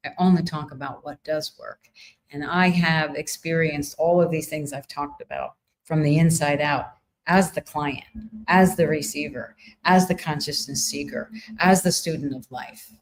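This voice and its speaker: A woman's voice: low-pitched, steady tone, moderate pace, a little hiss or hum. A middle-aged woman hosting a live wellness session, talking to viewers in an upbeat, playful, sing-song way. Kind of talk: live stream talk to viewers.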